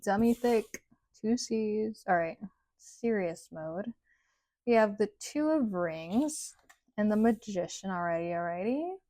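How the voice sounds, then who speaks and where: A woman's voice: mid-range voice, animated, measured pace, dark tone, no echo. A woman giving a casual tarot card reading, chatty and rambling, with sing-song sentence endings. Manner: chatty, rambling, says "like" often. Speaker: tarot reader.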